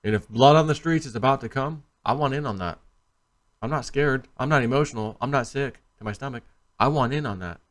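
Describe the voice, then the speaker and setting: A man talks casually to camera in a vlog, rambling and animated, acting out quotes as he tells stories. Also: medium pitch, brisk. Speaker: crypto video host.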